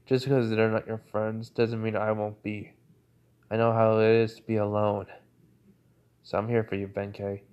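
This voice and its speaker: A man's voice: fairly low pitch, flat delivery, normal speed, darkish tone, smooth, dull audio, close to an everyday voice. Man voicing a loyal teenage ninja boy. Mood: somber. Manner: plain speaking voice, little change from narration.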